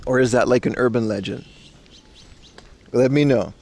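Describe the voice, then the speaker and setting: A man's voice: medium pitch, moderate pace, vocal fry, a little mellow. A man streaming live from a park, chatting casually and reading out chat with loose, slangy rambling. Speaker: IRL streamer. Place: outdoors in a park in Japan.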